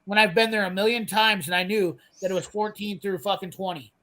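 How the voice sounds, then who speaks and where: A man's voice: high-pitched, steady tone, a little fast, pushed and bright, low-quality recording. A man, ranting profanely and bluntly as he tells a work story in casual chat. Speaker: host telling a work story.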